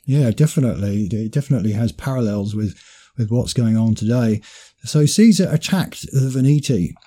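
A man with a very dark, mellow voice hosts a history discussion. He reads passages aloud and comments between them, often restarting and repeating his words. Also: medium pitch, animated, moderate pace, breathy edge. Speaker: podcast host. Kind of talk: history discussion reading quotes.

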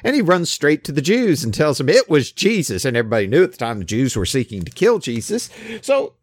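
A man preaching a conversational sermon, emphatic, with quick acted-out asides. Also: fairly high pitch, very animated, no echo. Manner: conversational, emphatic, acts out scenes.

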